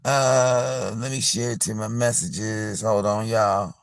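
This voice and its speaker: Slow-talking man on a live stream. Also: on the low side, no echo, clean studio sound. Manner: animated, repetitive and profane, addressing viewers as y'all. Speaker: livestream host. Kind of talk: casual live-stream storytelling.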